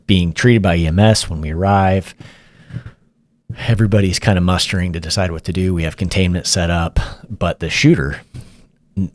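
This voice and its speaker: A middle-aged man with an extremely low, deep voice recounts a long shift story in a loose, rambling way, restarting his sentences as he goes. The recording is dry and close, with no room sound. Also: no room sound. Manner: relaxed, rambling retelling with fillers and restarts. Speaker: podcast host, former police officer. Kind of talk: casual storytelling.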